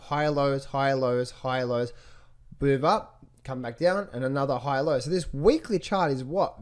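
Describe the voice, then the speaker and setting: A man's voice: mid-range voice, darkish tone. A man teaching trading from charts on screen, who keeps asking rhetorical questions and repeating his phrases. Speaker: trading coach. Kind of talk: screen-share chart walkthrough.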